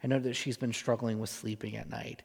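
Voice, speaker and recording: A man in his thirties preaches a sermon in an earnest, conversational way, often pausing on fillers. His voice has a gravelly edge at a middle pitch. The sound carries the long reverb of a large hall. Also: flat delivery, a little mellow. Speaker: pastor.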